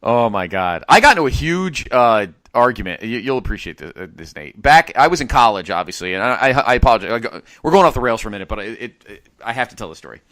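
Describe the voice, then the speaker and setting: A man in his forties co-hosting a podcast in casual chat, animated and prone to trailing off and restarting. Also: mid-range voice, quick pace, hardly any pauses, no echo. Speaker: podcast co-host.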